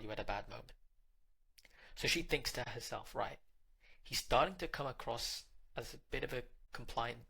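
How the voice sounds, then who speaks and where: A man delivers a direct, coaching monologue of dating advice, speaking right to the listener. His voice is gravelly with a bright, forceful edge and a husky grain. He sits at a middling pitch for a man.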